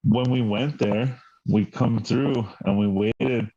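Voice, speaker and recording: Casual young male co-host, mellow tone, swears freely, acts out quoted dialogue; lo-fi podcast sound. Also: medium pitch, steady tone, slow pace. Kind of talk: casual storytelling chat. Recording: dull lo-fi podcast audio.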